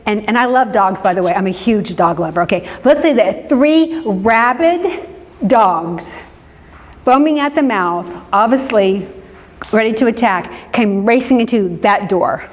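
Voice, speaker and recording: Expressive and measured, this woman's mid-range voice echoes with the long reverb of a hall. She is a Midwestern counselor and speaker on forgiveness, leading a live group in a conversational, interactive lecture and frequently asking "right?".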